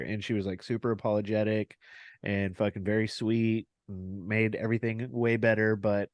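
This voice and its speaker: A man's voice: lowish voice, flat delivery, normal speed, dry recording. Laughing, profane man telling a story. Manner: laughing, profane storyteller who acts out dialogue. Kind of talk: casual podcast chat.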